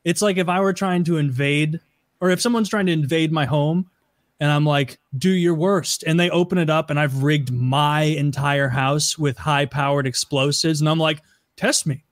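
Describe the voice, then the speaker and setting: Guy cohosting a podcast, kinda high voice, dry close mic, jokey and crude. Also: fairly even intonation, moderate pace, dry recording. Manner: joking, crude, laughs often. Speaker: podcast co-host. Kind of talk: casual podcast banter.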